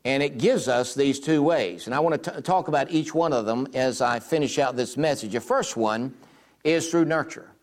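A man's voice: mid-range voice, normal speed. A middle-aged man preaching a sermon, telling homely stories and acting out the dialogue in them. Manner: folksy storytelling, acts out quoted dialogue. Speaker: pastor.

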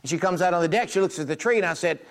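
Folksy pastor preaching. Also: male voice, high voice, racing, vocal fry. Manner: folksy storytelling, acts out quoted dialogue. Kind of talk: sermon.

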